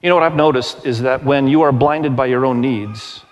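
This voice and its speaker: A man's voice: mid-range voice, normal speed. Guy in his 40s preaching, chatty storytelling, keeps asking the church stuff, big echoey hall. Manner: conversational, animated storytelling with questions to the congregation. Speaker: pastor. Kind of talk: sermon. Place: large church auditorium. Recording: long hall reverb.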